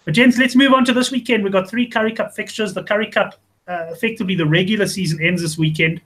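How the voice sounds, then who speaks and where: A man's voice: high voice, quick pace, sharp tone, rough recording. A man hosting a casual sports betting chat show, chatty and rambling with frequent restarts. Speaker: host.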